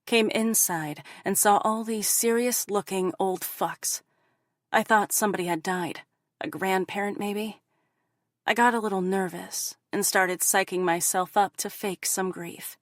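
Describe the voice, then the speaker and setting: A woman's voice: mid-range voice, fairly even intonation, unhurried, dry recording, clean studio sound. A woman narrating an audiobook in the first person, with an intense, profane, confessional delivery.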